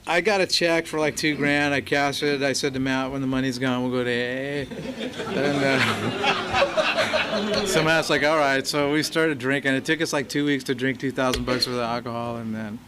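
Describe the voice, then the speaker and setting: A man's voice: mid-range voice, steady tone, normal speed, sharp tone, a faint crowd, slight background noise. A man speaking at a recovery meeting, telling a personal story in a laid-back way to a live audience, with many fillers and quoted dialogue. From Los Angeles area. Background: audience laughter.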